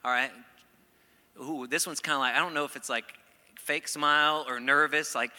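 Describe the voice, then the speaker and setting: Middle-aged male pastor, very bright tone, humorous then earnest, reverberant hall. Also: on the high side, fairly even intonation, moderate pace, long pauses. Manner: playful, acts out quoted voices, then earnest. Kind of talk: sermon.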